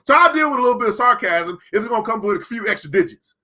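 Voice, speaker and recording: A man hosting a live-streamed book club, talking emphatically, repeating key lines slowly and joking sarcastically between points. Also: extremely high pitch, lively intonation, bright, forceful tone.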